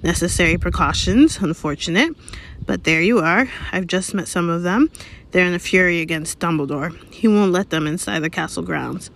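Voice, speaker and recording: A woman reading aloud, voicing a pompous, portly male government minister in a smooth, self-important way. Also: lowish voice, normal speed. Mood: pompous, grave. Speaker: reader. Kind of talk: read-aloud audiobook.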